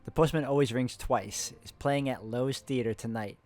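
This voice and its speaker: A man of middle pitch plays through a puzzle game with a friend. He reads in-game letters aloud in a plain, even voice. Between passages he breaks off to chat and laugh with her. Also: moderate pace, faint music behind. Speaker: host, playing a co-op puzzle game. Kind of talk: casual game commentary, reading in-game letters aloud.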